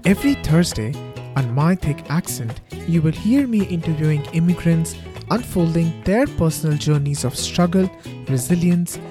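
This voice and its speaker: Indian-accented man hosting a podcast. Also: a little high. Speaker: podcast host. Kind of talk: scripted podcast introduction. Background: faint guitar music.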